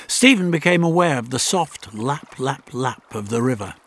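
A man reading a story aloud in a measured, dramatic narrating style. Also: medium pitch, animated. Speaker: audiobook narrator. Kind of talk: scripted narration.

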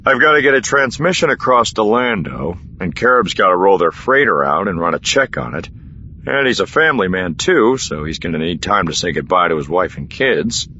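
A man's voice: low-pitched, big pitch swings, normal speed, sharp tone, muffled recording, a little hiss or hum, exaggerated voice. A man reading a wry, roguish space rogue. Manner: dry, offhand and roguish. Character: wry, roguish adult male smuggler-hero. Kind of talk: audiobook character voice.

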